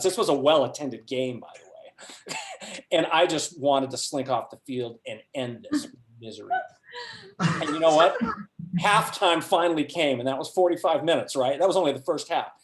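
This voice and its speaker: A middle-aged man presenting a workshop, telling a personal anecdote to a group with animated delivery and frequent laughs. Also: a little high, slight background noise. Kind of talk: storytelling talk to a group. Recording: roomy echo.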